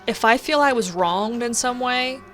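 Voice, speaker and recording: A young woman streamer chatting casually while gaming, telling a story in an animated way and swearing often. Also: on the high side, moderate pace, music in the background.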